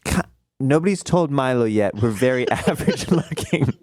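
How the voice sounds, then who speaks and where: A man playing an earnest wannabe performer who pitches himself in a salesy, upbeat way. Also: animated, normal speed, a little mellow, lightly acted. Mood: pitching.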